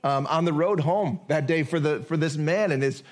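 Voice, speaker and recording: A pastor with a somewhat high male voice delivers a sermon. He talks to the congregation in a conversational way, asking rhetorical questions. He slows down to read scripture deliberately. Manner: reads scripture slowly and deliberately.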